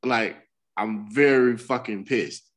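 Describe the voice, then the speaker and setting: A middle-aged man co-hosting a casual podcast, his voice sitting at an ordinary middle pitch. He talks candidly and cusses freely while he tells a story, his speech loose and unscripted. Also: slow pace, low-quality recording. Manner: candid, profane storytelling with bursts of laughter. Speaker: podcast co-host. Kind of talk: casual chat.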